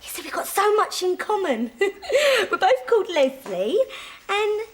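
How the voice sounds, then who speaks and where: A woman's voice: very high voice, big pitch swings, measured pace, heavily acted. An actress playing a gushing, giggly woman flirting at the bar.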